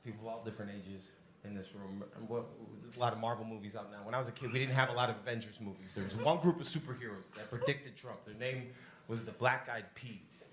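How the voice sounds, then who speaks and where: A man's voice: lowish voice, fast talker. A young man doing a stand-up set with crowd work, in a loose, rambling, profane way. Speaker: stand-up comedian. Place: basement comedy club. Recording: echoey club room, audience laughter.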